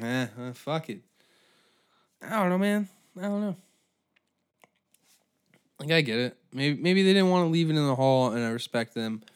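Brief: young guy, comic solo rant, swearing and exasperated, mid-range voice. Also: mid-range voice. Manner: profane, exasperated ranting. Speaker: podcast host.

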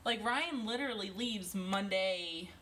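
A young woman, a conference organizer and mother, chatting casually with animated storytelling and a lot of laughter. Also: medium pitch, measured pace, distant mic, slight background noise. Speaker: event organizer. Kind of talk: casual chat.

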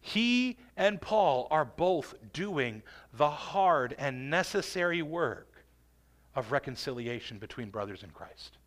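Delivering an earnest, emphatic sermon slowly and very animatedly, this pastor's voice rings high and bright from the pulpit. He stretches out key phrases with heavy emphasis before sinking low and quiet.

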